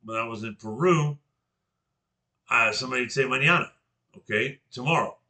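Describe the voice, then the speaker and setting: An older man with a strikingly bright, edgy tone, presenting class material in a relaxed, conversational way. He pronounces each word deliberately and often restarts a phrase mid-thought. His pitch sits in an ordinary middle range. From Georgia, US. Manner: deliberately articulated words, frequent restarts.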